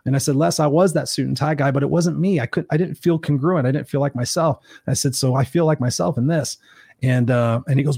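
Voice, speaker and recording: A man spins a long anecdote at a brisk clip. He slips into other people's voices as he quotes them. The sound is dry and close to the mic. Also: medium pitch, gravelly, slightly rough, no echo. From Southern California. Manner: animated, acts out quoted voices. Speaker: host. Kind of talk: casual storytelling chat.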